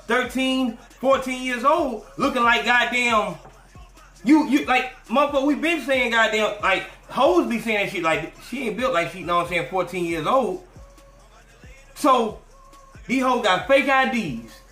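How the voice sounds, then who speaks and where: Male podcast host, animated and profane, mocking tone, high voice, roomy echo. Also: measured pace, faint music behind. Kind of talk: profane commentary rant.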